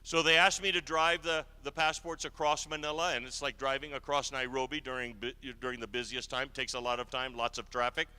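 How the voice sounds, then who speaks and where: A man preaches to a congregation with a crisp, resonant voice that has a hard, bright edge. He tells his story with shifts between hushed and emphatic passages. His words trail into the long echo of a church hall. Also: mid-range voice, little pitch movement, brisk, few pauses. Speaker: guest preacher. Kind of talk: sermon storytelling.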